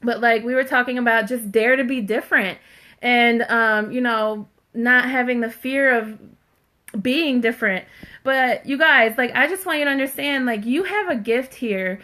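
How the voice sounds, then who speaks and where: Chatty heartfelt woman, bright voice. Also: on the high side, normal speed. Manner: chatty, heartfelt, fills talk with "like" and "you guys". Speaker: livestream host reading viewer comments. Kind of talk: casual live chat with viewers. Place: at home.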